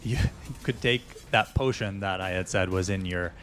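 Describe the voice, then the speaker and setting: A man's voice: low voice, normal speed, a bit bright, slight background noise. A man running a tabletop game as game master, patiently explaining the rules step by step.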